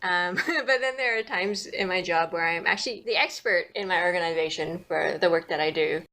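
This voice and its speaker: A woman's voice: fairly low pitch, normal speed, pushed and bright. A woman co-hosting a casual podcast, thoughtful and hedging, laughing easily. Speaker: podcast co-host. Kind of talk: casual chat.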